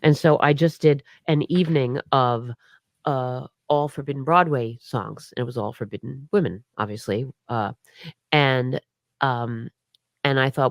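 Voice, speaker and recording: A woman's voice: rumbling low, measured pace, dry recording, studio quality. A middle-aged woman chatting as an interview guest, talkative and laughing, with many restarts and hiccups. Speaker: guest performer. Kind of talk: casual interview chat.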